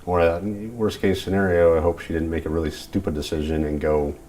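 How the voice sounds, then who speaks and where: A middle-aged man, father of a missing woman, speaking haltingly in an interview with many restarts. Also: low voice, little pitch movement, dark tone, a little hiss or hum. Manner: halting, full of restarts and fillers.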